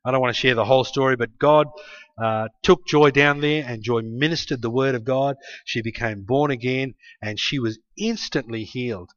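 Brief: man, preacher, animated storytelling sermon, loud-soft swings, muffled sound. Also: medium pitch, moderate pace. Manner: emphatic, storytelling, frequent "hey" asides, swings from loud to quiet. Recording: dull lo-fi sound.

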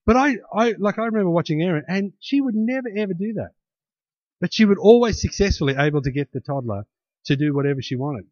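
A man's voice: high voice, expressive, quick pace, a little mellow, no echo. Pastor guy preaching, chatty, keeps saying hey?, kinda muffled lo-fi dry audio. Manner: conversational, with frequent "hey?" tags and restarts. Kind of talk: sermon. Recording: dull lo-fi, dry.

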